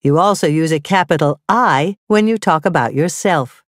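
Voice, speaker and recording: A woman narrating a scripted grammar lesson, reading slowly and carefully with clearly spelled-out examples. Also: low-pitched, dry recording, studio quality. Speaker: teacher.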